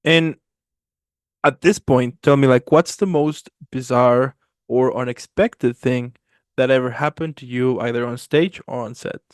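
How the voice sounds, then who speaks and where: A man's voice: medium pitch, measured pace, smooth, dry recording, studio quality. A man hosting an interview, asking enthusiastic questions full of fillers. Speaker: host.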